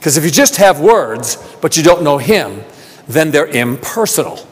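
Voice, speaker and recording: A man preaching a sermon, asking rhetorical questions and repeating phrases, building from soft talk to emphatic calls. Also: fairly high pitch, very animated, moderate pace, slightly rough. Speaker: pastor. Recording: long reverb of a large hall.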